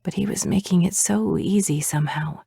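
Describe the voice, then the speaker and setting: Low-voiced woman narrating a romance audiobook. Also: moderate pace, creaky, dark tone, slightly rough, no room sound, clean studio sound.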